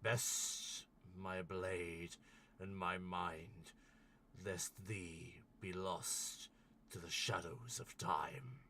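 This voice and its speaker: A man's voice: low-pitched, steady tone, extremely slow, pushed and bright, distant mic, full character voice. A man voicing a towering ancient ice giant guardian who speaks in solemn, archaic proclamations. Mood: solemn, menacing.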